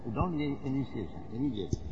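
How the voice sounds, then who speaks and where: Male spiritual teacher, instructive and emphatic, mid-pitched voice on a muffled lo-fi recording. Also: very animated, racing, heavy background noise. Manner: emphatic, corrective, repeats "no, no". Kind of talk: instructive conversation.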